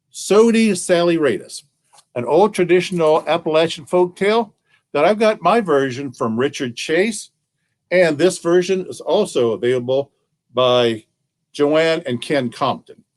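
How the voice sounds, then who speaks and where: A man who is a children's librarian, telling a folktale to camera in an animated, playful way, asking the audience questions. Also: fairly high pitch, unhurried. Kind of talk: interactive storytelling to camera.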